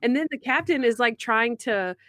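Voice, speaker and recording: A woman co-hosting a TV recap podcast, summarizing a plot and chatting, animated and quick to act out characters' lines with laughs. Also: on the high side. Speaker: podcast co-host. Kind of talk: episode recap and casual chat.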